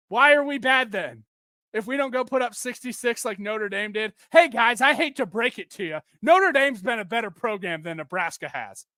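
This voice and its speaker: A young man in his twenties rants on his own podcast, frustrated and emphatic. His voice sits high and sounds bright and forceful. The recording is dry and close. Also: animated, moderate pace, no room sound. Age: 20s. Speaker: podcast host and football coach. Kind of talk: solo podcast rant.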